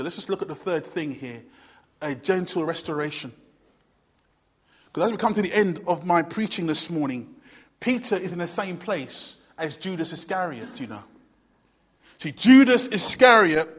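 A man preaching a sermon earnestly, repeating phrases for emphasis and swinging between loud and hushed delivery. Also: high voice, a little slow, pauses often, husky. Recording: long hall reverb.

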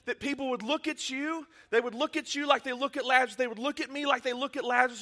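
Bright high-voiced energetic pastor, man. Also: fast, hardly any pauses. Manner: energetic, acts out Bible scenes in character voices. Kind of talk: sermon.

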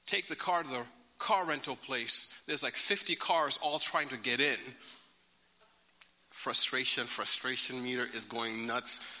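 A man preaching a sermon, telling a story animatedly, swinging between loud bursts and hushed asides. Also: a little high. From Africa. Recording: reverberant hall.

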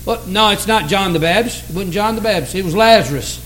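A man preaching a sermon as pastor, swinging from loud cries to hushed tones. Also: high voice, fairly quick, few pauses, rough recording. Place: church sanctuary.

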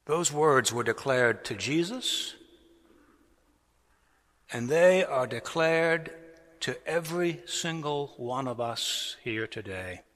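A man preaching a sermon as a pastor, deliberate and rising to strong emphasis on key words. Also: medium pitch, animated, a bit bright. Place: large cathedral. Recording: long cathedral reverb.

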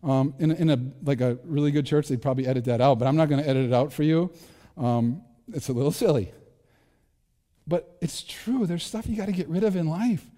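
Middle-aged male pastor, mellow voice, chatty self-deprecating sermon, echoey hall. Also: fairly high pitch, a little fast. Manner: conversational, self-deprecating, frequent restarts.

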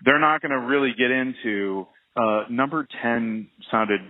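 A man's voice: mid-range voice, measured pace, noisy background. A man, a professional trumpet player, talking casually in an interview, rambling with lots of fillers and restarts. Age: adult, well past early twenties. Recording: phone-like narrow band.

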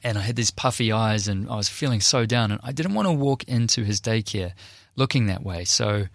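A man's voice: lowish voice, animated, fairly quick, no room sound, clean studio sound. A young man earnestly telling a personal testimony in a conversational way. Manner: earnest, conversational, emotional retelling. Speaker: Christian speaker and performer.

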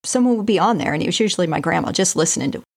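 Woman host, lowish voice, easygoing interview chat, laughs along. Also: lively intonation, very fast, vocal fry.

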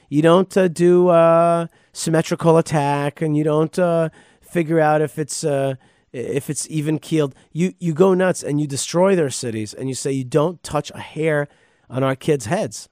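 Animated rabbi teaching, dry close sound. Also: male voice, on the high side, no echo. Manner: animated, reads verses then riffs with restarts and emphatic outbursts. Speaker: rabbi and podcast host. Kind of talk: casual Torah teaching.

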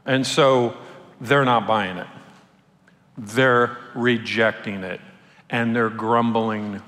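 A man's voice: mid-range voice, steady tone, takes it slowly, a bit bright. A man, a pastor, preaching a sermon in a casual, conversational way with playful asides. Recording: long hall reverb.

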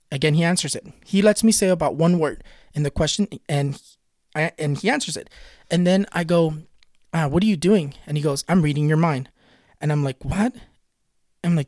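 A man's voice: on the high side, a little mellow, no room sound, studio quality. A man and spiritual vlogger recounting a personal experience in an earnest, confiding way. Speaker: spiritual vlogger and tarot reader. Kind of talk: personal storytelling.

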